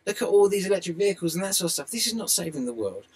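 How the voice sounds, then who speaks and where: Rambling excitable man. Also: high-pitched, rapid-fire. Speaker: video blogger. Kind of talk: rambling monologue.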